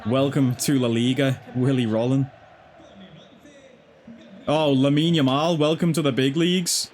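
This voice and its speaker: Excitable gamer lad. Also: male voice, mid-range voice, unhurried. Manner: excitable, swears freely, shouts at the game. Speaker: gaming YouTuber. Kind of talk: excited live gameplay commentary.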